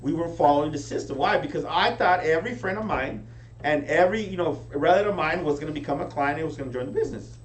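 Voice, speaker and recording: High-voiced man pumping up a crowd. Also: quick pace. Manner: energetic, keeps asking the crowd "right?". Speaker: business team leader training recruits. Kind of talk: motivational training talk to a live audience. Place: meeting room with an audience. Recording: echoey room, distant mic, faint hum.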